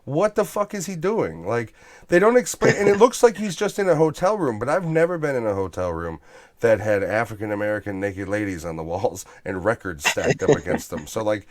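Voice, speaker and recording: A man hosting a casual movie review podcast, animated and swearing freely as he riffs on scenes. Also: fairly low pitch, a little fast. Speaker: podcast host.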